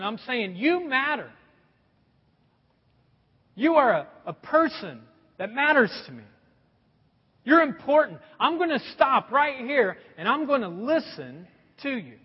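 A middle-aged pastor delivers a sermon in a high, very lively voice, telling stories in a big animated way. The sound is dull and carries a long reverb from a large church hall. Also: male voice, husky. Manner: animated storytelling with a lot of pitch swings.

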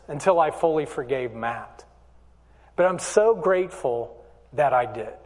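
Pastor preaching in a reverberant hall. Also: male voice, a little high. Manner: storytelling, earnest, rising to urgent appeals. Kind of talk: sermon with personal story. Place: church hall.

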